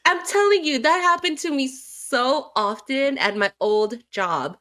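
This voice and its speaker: Chatty woman with a slightly high voice. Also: lively intonation, fairly bright tone. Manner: chatty, backs up her co-host with quick agreement and laughs. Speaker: podcast co-host. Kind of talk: casual chat.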